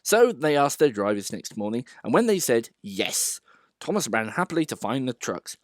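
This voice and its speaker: A man reads a children's storybook aloud in an expressive, animated voice that is mid-range and at normal speed. The recording is close and dry, with no room sound.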